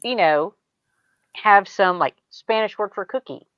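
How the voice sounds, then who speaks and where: A middle-aged American woman telling stories in a relaxed group chat, laughing often and trailing off into asides. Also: medium pitch, no echo, dull audio. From United States. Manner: chatty storyteller, quick laughs, trailing asides. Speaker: show host. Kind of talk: casual chat.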